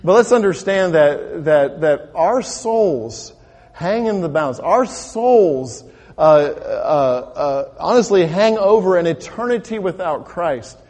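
High-voiced preacher man in a hall. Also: lively intonation, takes it slowly, a little mellow. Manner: conversational preaching with rhetorical questions and repetitions. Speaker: pastor. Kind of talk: sermon. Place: church sanctuary. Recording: long reverb of a church hall.

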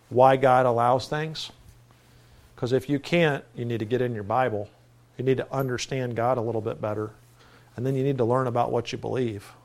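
A middle-aged male pastor preaching a folksy, conversational sermon with self-deprecating asides. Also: mid-range voice.

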